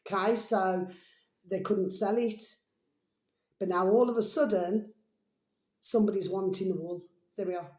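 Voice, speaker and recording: A woman's voice: mid-range voice, measured pace, long pauses, warm tone. A woman vlogging in a rambling, casual way, affectionately addressing her viewers as her babies, with many fillers and half-finished thoughts. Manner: fond, chatty, calls viewers "my delicious babies"; frequent fillers and trailing thoughts. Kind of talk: rambling casual monologue to camera. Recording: roomy, echoey sound.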